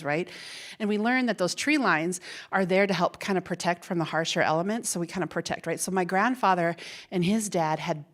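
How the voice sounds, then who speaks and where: In a university ballroom, a middle-aged woman with a lowish voice addresses a hall audience at a plenary session. She tells a personal story in a lively, conversational way, often repeating words and laughing softly as she goes.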